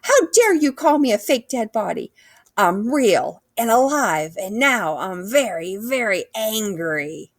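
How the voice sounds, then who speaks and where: A shrill, indignant grown woman in a storybook, as a woman reading aloud puts her on. Her voice jumps high and loud, with a gravelly rasp and a dry, close sound. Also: big pitch swings, slow, no echo, exaggerated voice. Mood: furious. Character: furious grown woman lying on a lawn.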